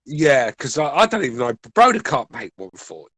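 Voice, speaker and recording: A man's voice: mid-range voice, very animated, moderate pace, a bit bright, breathy edge, no room sound, rough recording. Man from England, podcast co-host, blunt and profane, medium voice, dry mic. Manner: blunt, swears freely. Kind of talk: casual boxing chat. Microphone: remote call line.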